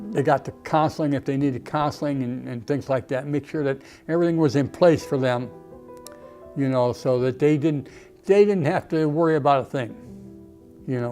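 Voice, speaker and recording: A man's voice: mid-range voice, a little mellow. An older man, an Army veteran, reminiscing emotionally in a documentary interview, often saying "okay" and "you know".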